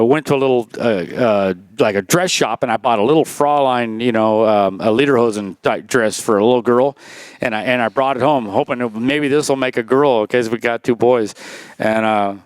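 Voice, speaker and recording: A man's voice: medium pitch, moderate pace, smooth, dry recording. A man in his sixties, a former racer telling stories in a casual interview, rambling with lots of "you know" and restarts.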